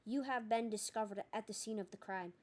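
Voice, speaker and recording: A woman's voice: medium pitch, fairly quick, close to an everyday voice. A woman voicing a cold, curt middle-aged male official who snaps and sneers in disbelief. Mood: angry. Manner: snapping, disbelieving.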